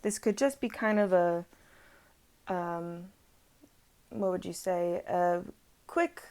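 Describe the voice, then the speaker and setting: A woman's voice: on the low side, takes it slowly, darkish tone. Chatty woman giving a tarot reading. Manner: chatty and rambling, with frequent fillers and self-corrections. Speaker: tarot reader. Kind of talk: casual chat. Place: at home with her dog on her lap.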